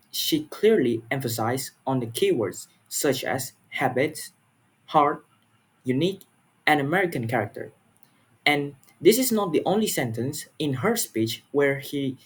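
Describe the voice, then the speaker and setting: A young man delivers a student presentation, pitched in the middle range for a man. His voice is husky and a little breathy. He speaks earnestly but haltingly, restarting phrases and leaning on fillers. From Malaysia. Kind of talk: class presentation.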